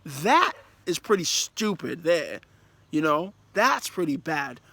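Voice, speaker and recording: A man's voice: fairly high pitch, slow pace, no room sound. A man giving a casual, emphatic and rambling review of a football match, talking as a player and manager. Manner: animated, emphatic, rambling with restarts. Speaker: football commentator.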